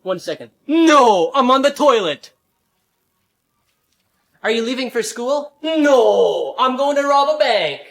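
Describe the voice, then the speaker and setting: A man from San Diego performing short comedy skits, playing every part with sarcastic deadpan comebacks. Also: very high voice, a little slow, pauses often. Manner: sarcastic deadpan comebacks, switching between characters. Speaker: comedy creator.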